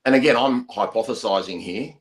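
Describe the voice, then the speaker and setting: A man's voice: on the low side, a little fast, background noise. Easygoing Australian male podcast host. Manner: easygoing, conversational questioning. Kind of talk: casual podcast chat. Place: pub venue.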